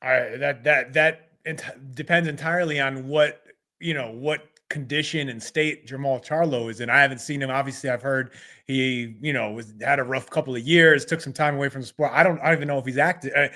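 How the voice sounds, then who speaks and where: A man's voice: medium pitch, steady tone, a little fast, sharp tone. A man co-hosting a casual podcast, thinking aloud with frequent restarts and questions. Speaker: podcast co-host. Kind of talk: casual boxing podcast chat.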